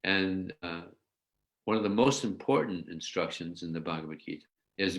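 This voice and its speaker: Guy with kinda low voice giving a scripture class, tells stories animatedly. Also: normal speed. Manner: animated storyteller, acts out voices. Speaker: religious teacher.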